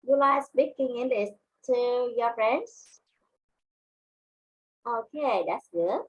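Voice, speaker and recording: Vietnamese-accented woman, English teacher, husky voice, unhurried classroom delivery. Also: fairly high pitch, lively intonation, rough recording. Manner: slow, deliberate, repeats words for learners. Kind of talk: classroom lesson.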